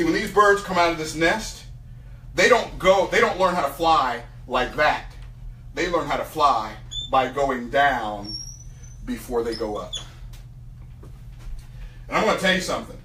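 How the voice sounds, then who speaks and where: A man giving a motivational seminar talk, an animated storyteller who throws rhetorical questions at his audience. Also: fairly high pitch, a little hiss or hum. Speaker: motivational speaker. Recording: roomy hall, mic at a distance.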